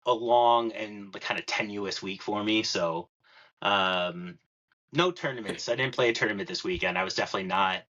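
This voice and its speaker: A man's voice: fairly low pitch, moderate pace, bright, forceful tone, dull audio. A young man telling a long story in a rambling podcast chat, full of "like" and filler words. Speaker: podcast guest.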